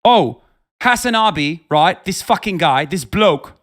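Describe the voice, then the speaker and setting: A man voicing a swaggering, mocking British tough guy in a mock British accent, loud and taunting. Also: high-pitched, expressive, unhurried.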